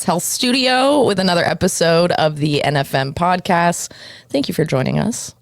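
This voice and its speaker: A woman's voice: on the low side, lively intonation, normal speed, vocal fry, dry recording. A woman co-hosting a podcast in a studio, chatting casually, laughing often and poking fun at herself as she rambles. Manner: laughing, self-deprecating, rambling. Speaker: podcast co-host.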